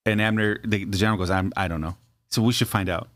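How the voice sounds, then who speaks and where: A man's voice: fairly low pitch, steady tone, fast talker, a bit bright, dry recording. A man co-hosting a casual Bible discussion podcast, explaining the scripture in plain conversational terms. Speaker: podcast co-host.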